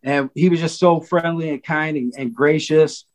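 A man's voice: a little high, fairly even intonation, normal speed, low-quality recording. A man telling stories in a casual podcast chat, rambling with many fillers and quoted asides. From Cleveland, Ohio. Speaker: guest drummer.

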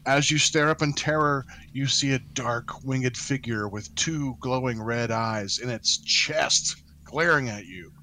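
A man runs a casual podcast quiz with his co-hosts. He jokes freely and slows into a theatrical read for the questions. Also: mid-range voice, pushed and bright, slight background noise. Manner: playful, reads questions dramatically. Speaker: quiz host.

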